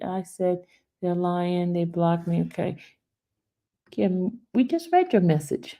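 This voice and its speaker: A woman's voice: lowish voice, sing-song, takes it slowly, warm tone. A woman hosting a live stream, chatting casually and reading viewer comments, emotional and laughing through tears. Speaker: YouTube host.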